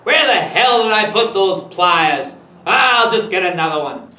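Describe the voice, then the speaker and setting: A man's voice: high voice, lively intonation, unhurried, echoey room, heavily acted, low-quality recording. Man putting on a cussing old Maine codger. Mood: exasperated. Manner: loud, cussing, exasperated.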